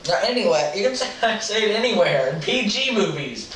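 A man hosting his own video, talking loudly in casual game chat and teasing as he goes. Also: sits high, animated, brisk, echoey room, recorded from a distance, slight background noise, low-quality recording. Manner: joking, teasing; talks loudly. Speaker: video host.

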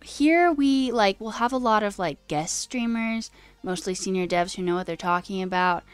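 A woman streaming as a coding host, chatting casually and rambling with self-deprecating asides while her pitch jumps up mid-sentence. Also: normal speed, clean tone, dry recording, faint music behind. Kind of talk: casual live-stream chat.

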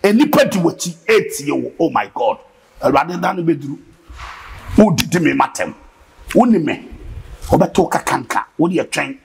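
A man with a Ghanaian accent, a guest preacher in an interview, talking in an animated, preachy way that bursts into shouting. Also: a little high, normal speed, gravelly, long pauses, breathy edge. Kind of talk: impassioned interview talk mixing Twi and English.

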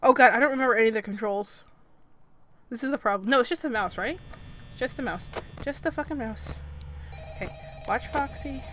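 A woman's voice: on the high side, fairly quick, pauses often, fairly bright tone, slight background noise, rough recording. A young adult woman commentating a horror game, jumpy and nervous, babbling and swearing constantly. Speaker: gaming channel host.

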